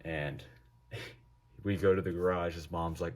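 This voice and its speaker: A young man telling a casual storytime with lots of swearing and animated delivery. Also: low voice, measured pace. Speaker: vlogger.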